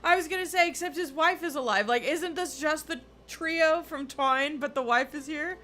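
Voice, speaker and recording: A woman streamer giving chatty, excitable commentary while playing a video game. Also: high-pitched, moderate pace. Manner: chatty, excitable, swears casually. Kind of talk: casual let's-play commentary.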